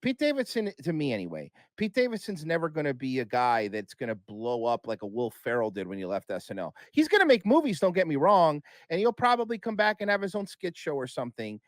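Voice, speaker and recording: Man, podcast guest, lively swooping pitch, blunt and profane, dry close sound. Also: fairly quick, hardly any pauses, no room sound. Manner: blunt, profane, rambling with restarts. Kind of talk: casual chat.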